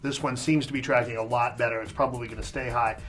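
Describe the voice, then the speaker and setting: Mid-pitched man discussing film reviews. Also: fairly even intonation, quick pace, fairly bright tone, soft background music. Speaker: film review show co-host.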